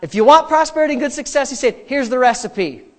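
High-voiced emphatic male pastor preaching. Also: lively intonation, quick pace. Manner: emphatic preaching with repetition, dropping to quiet prayer. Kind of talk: sermon.

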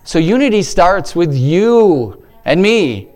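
Rambling, slightly high-voiced man preaching. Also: big pitch swings, slow, darkish tone. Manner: rambling, self-interrupting, exclamatory. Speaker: lay church speaker. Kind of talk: informal devotional preaching.

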